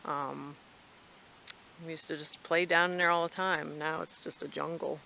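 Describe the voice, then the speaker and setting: Chatty woman with a gravelly, bright voice. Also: sits low, steady tone, normal speed, slight background noise. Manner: chatty and rambling, coos at her cats. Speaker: vlogger. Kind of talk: casual rambling vlog. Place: backyard outdoors and at home. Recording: dull lo-fi home video.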